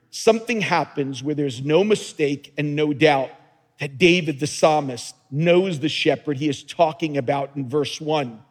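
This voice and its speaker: A man preaching a sermon as pastor to his church, rising into fervent, emphatic delivery. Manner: builds to loud, high-pitched preaching fervor. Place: church sanctuary. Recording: long reverb of a church hall.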